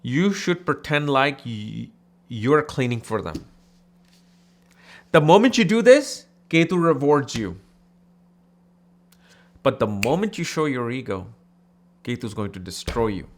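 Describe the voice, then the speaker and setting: A man from India teaching astrology in a casual, animated, conversational way, acting out people in his anecdotes. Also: mid-range voice, a little slow, pauses often.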